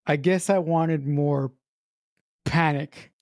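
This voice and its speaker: A woman's voice: deep voice, steady tone, slow pace, a little mellow, no room sound. Woman podcast co-host, emphatic ranter who swears for punch, dry close sound. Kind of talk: casual film review chat.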